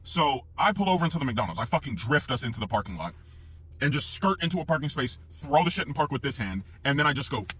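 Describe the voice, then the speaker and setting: A young man telling a personal story in a casual, profane, animated way, acting out the sounds as he goes. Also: mid-range voice, quick pace, breathy edge.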